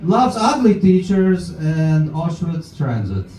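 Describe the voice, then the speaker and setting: A man hosting a comedy show on a club stage, introducing acts with loose, halting banter. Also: on the high side, very animated, dark tone, slight background noise. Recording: echoey club room from far off.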